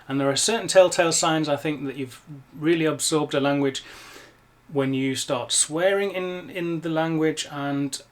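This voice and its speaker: A middle-aged Englishman talks to camera in a scripted vlog. His delivery is wry and self-mocking. His voice sits a little higher than most men's. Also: moderate pace. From England. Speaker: YouTuber.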